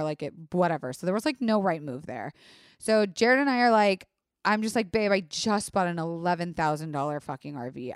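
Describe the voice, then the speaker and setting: A young woman hosting a vlog, telling a personal story in a casual, animated way, swearing often and filling her talk with "like". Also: mid-range voice, clear, resonant tone, dry recording, studio quality. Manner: animated, profane, lots of "like". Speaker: vlog host.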